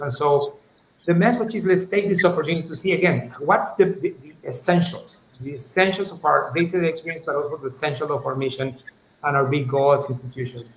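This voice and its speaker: Guy w answering interview questions, bit higher voice, lots of restarts and "you know", echoey room, faint hum. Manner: thoughtful, many restarts and "you know", "right?". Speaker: university leader, interview guest. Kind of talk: live-streamed interview answers. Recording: roomy echo, faint ambient noise.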